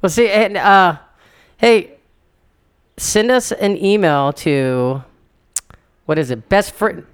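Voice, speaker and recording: A man's voice: high voice, takes it slowly, pauses often, smooth. A young man co-hosting a podcast in casual chat, rambling, restarting sentences and laughing often. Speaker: podcast co-host.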